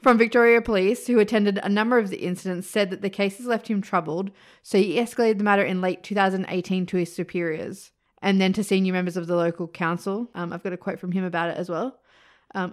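A woman's voice: mid-range voice, steady tone, fast talker. Woman, casual podcast co-host, frank, reads quotes aloud. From Australia. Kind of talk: casual chat.

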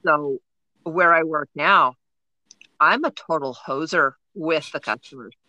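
A woman with a low voice, speaking unhurriedly, co-hosts a podcast, telling funny work stories in casual chat. She's animated and often laughs through her stories. The audio is dull, with no echo.

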